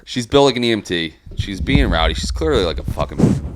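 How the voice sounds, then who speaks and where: A man's voice: on the low side, lively intonation, brisk, very noisy. A man hosting a podcast, casually telling a profane, rambling story. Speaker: podcast host.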